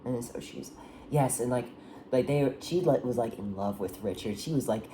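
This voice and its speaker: A woman's voice: extremely low pitch, moderate pace, mellow, a little hiss or hum. A woman casually retelling the plot of a historical drama, rambling with many restarts and fillers. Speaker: storyteller recapping a historical drama. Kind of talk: casual chat.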